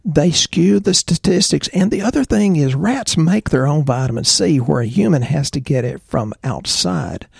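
A man co-hosting a casual health chat, opinionated and animated as he tells stories. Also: a little high, normal speed, vocal fry, hardly any pauses, slightly rough, no echo, clean studio sound. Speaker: podcast co-host, chiropractor.

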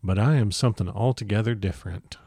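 A man reading the part of a young vampire who speaks very softly, almost in a whisper, with quiet menace. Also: fairly low pitch, fast, breathy edge, no echo, studio quality. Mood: menacing.

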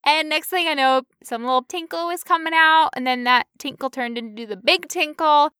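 A woman co-hosting a podcast, telling a story in casual chat with animated, playful quoted voices. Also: high-pitched, moderate pace, no echo, studio quality. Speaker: podcast co-host.

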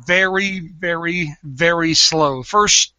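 A man co-hosting a casual podcast chat. He is teasing and blunt, with quick jabs. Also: a little high, bright, forceful tone, no echo. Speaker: podcast co-host.

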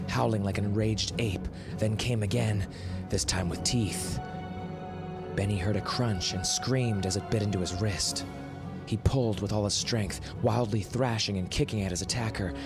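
Low-voiced male podcast host reading horror in a measured, dramatic style over a music bed. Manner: measured, dramatic, drops to a whisper for tense moments. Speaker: podcast host and story narrator. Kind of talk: scripted horror narration. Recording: narration over clear music.

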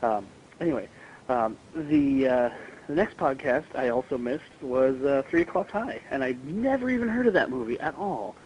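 A man's voice: mid-range voice, expressive, moderate pace, darkish tone, muffled recording, slight background noise. Rambling man leaving a fan voicemail. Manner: rambling, many ums and restarts. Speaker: listener calling in with a voicemail. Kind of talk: casual recorded voice message.

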